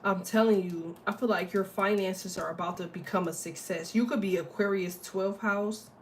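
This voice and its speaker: A woman in a mid-pitched voice giving an offhand spiritual reading. She talks bluntly and swears freely, circling back on herself with many fillers. There is faint noise behind her. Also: fairly even intonation, normal speed. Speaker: astrology and tarot reader.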